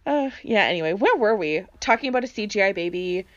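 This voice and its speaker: A woman's voice: mid-range voice, lively intonation, quick pace. A woman co-hosting a podcast in casual chat, laughing often and swearing casually. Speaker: podcast co-host. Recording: dull lo-fi sound.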